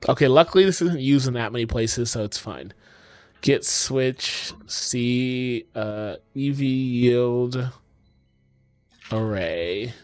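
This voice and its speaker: A man's voice: mid-range voice, slow pace, no echo, soft background music. A man streaming his game coding in casual talk, exasperated, swearing often and talking to his chat.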